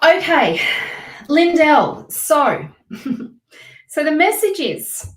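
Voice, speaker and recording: A woman's voice: high-pitched, lively intonation, very slow, pauses often, reverberant. A woman doing live tarot readings, chatting with viewers and giving emphatic advice. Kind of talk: casual live-stream reading.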